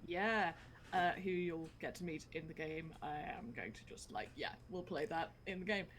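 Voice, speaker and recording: A woman's voice: deep voice, normal speed, a bit bright, slight background noise. A woman player in a tabletop game, chatting casually, giggly and apologetic. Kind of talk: casual chat.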